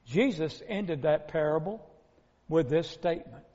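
A man's voice: high-pitched, very animated, takes it slowly. A male preacher giving a sermon, retelling a parable dramatically and speaking straight to his listeners, in a dull recording with long hall reverb. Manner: dramatic storytelling, addresses the listeners directly.

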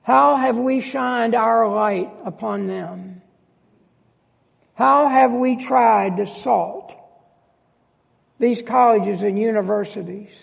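Pastor, male, slow emphatic sermon delivery, high gravelly voice. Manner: emphatic preaching with rhetorical questions. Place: church sanctuary. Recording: long church reverb, dull lo-fi sound.

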